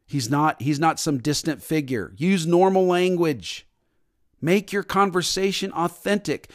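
A man's voice: on the high side, lively intonation, moderate pace. A man preaching a sermon as pastor, emphatic and repetitive, sometimes mimicking stiff formal prayers.

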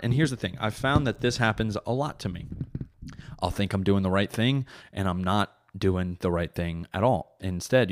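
A young man hosting a podcast, telling a comedic monologue in a profane, animated way with sudden loud bits. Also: low-pitched. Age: young adult. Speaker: podcast host.

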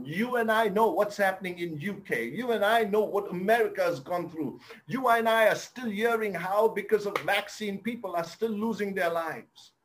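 A male pastor, preaching a sermon and telling humorous stories in which he acts out the characters' lines. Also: sits high.

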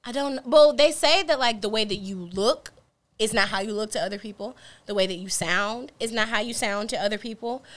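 High-voiced woman comedy co-host. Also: brisk, fairly bright tone. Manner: blunt, swearing, breaks into laughter. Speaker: podcast co-host. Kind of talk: casual comedic chat. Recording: faint background noise.

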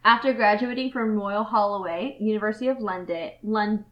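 A woman's voice: medium pitch, a little fast, highs cut off. A woman co-hosting a casual book podcast over drinks, giggling often and swearing offhandedly. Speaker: podcast co-host.

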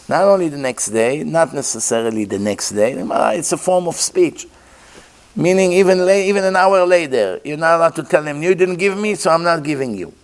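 Guy giving a torah class, keeps asking the room questions, throws in hebrew words, pretty high voice. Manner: asks the listeners rhetorical questions; mixes Hebrew terms into his English. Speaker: Torah teacher. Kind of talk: religious class.

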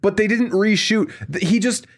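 Animated ranting man in casual chat. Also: moderate pace. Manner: animated, ranting, jumps high when exasperated. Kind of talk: casual movie review chat.

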